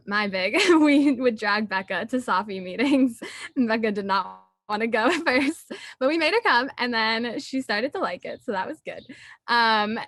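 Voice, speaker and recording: A woman's voice: medium pitch, a bit bright, dry recording. A young woman giving a chatty, gushing tribute to a friend at a student ceremony, full of fillers and getting emotional. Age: young adult. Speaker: student speaker honoring a friend. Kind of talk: heartfelt tribute speech.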